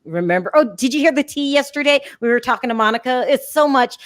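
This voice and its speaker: A woman's voice: high voice, fast, no room sound, studio quality. A woman hosting a live call-in recap show, chatting casually with strong opinions and frequent laughs. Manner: opinionated, animated, laughs often. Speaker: podcast host.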